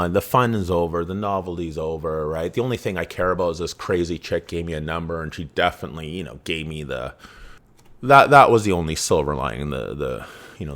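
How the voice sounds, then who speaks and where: A man around fifty, a podcast host telling a personal story in a rambling, profane, casual way, full of "right?" and "you know". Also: sits low. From Vancouver, Canada. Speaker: true crime podcast host.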